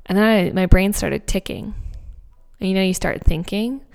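A woman hosting a podcast, telling a personal story in an animated, emphatic way with fillers and laughs, recorded at a home office mic. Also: mid-range voice, moderate pace, gravelly, clean tone. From Canada. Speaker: podcast host. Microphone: home office microphone.

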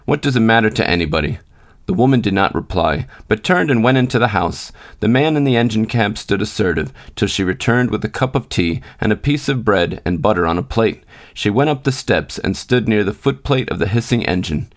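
A man with a fairly low voice narrating a literary short story in a steady, unhurried way. He reads as a podcast storyteller, measured and even.

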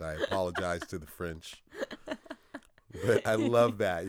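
Laughing man chatting about a film. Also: moderate pace. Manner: laughs often, jumps up high when quoting. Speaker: podcast co-host. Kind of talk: casual film chat.

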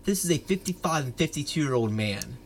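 A man's voice: on the high side, expressive, a little fast, a little hiss or hum. A man co-hosting a podcast in casual chat, joking wryly and laughing easily. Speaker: podcast co-host.

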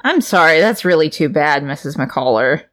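A woman's voice: deep voice, animated, normal speed, a bit bright. A woman co-hosting a comedy podcast, playful and incredulous. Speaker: podcast co-host.

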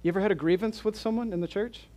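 Male pastor, fairly high voice, lively rhetorical sermon delivery in church. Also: very fast. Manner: animated, rhetorical questions to the congregation. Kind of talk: expository sermon.

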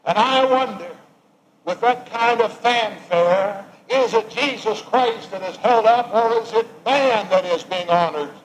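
Male preacher, slightly high voice, dramatic loud-soft sermon delivery, faint hiss behind. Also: a little slow, poor audio. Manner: emphatic preaching with wide swings between loud and hushed.

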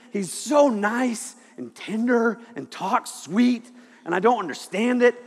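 Guy preaching to kids, high bright voice, jokes around and yells sometimes, long hall echo. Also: vocal fry. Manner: animated, jokey, shouting at times. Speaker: youth pastor. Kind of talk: youth sermon. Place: church hall with audience. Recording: echoey hall.

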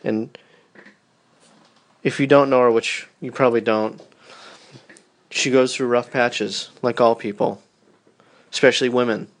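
Tired guy in his 30s yawning, rambling soft and sweet to his wife, podcast diary. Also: mid-range voice, steady tone, measured pace, long pauses. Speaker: podcast host.

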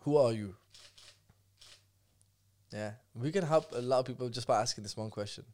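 A man talks quickly on a casual podcast. He tells stories at speed, breaking off and restarting his sentences. His voice sits at an ordinary middle pitch. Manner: fast, animated storytelling with many restarts. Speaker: guest speaker.

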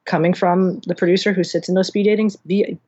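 A woman's voice: on the low side, little pitch movement, a little fast, mellow, breathy edge. Chatty woman guest, rambles and restarts a lot, kinda dull lo-fi sound. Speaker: audiobook engineer and guest. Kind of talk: casual interview chat.

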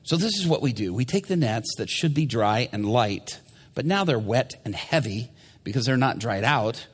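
A tired, sarcastic fisherman grumbles in a low, flat mutter, well under the speaker's normal pitch. A preacher plays him with husky, dry impatience, as though humoring a foolish request. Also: a little slow, heavily acted. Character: grumbling tired fisherman Peter, adult man.

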